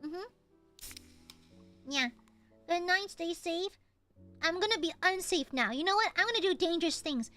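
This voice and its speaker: A woman's voice: very high-pitched, lively intonation, normal speed, long pauses, bright, forceful tone, faint music behind. A young woman streamer chatting casually with her viewers, playful and chatty, often breaking into giggles and squeals. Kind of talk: casual chat with a live stream chat.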